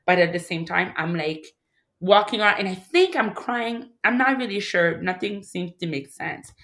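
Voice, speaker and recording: A woman in her thirties from Montreal, telling a personal story as an interview guest in an emotional, halting way, restarting her sentences and acting out other people's voices. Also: lowish voice, lively intonation, a bit bright. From Montreal, Canada.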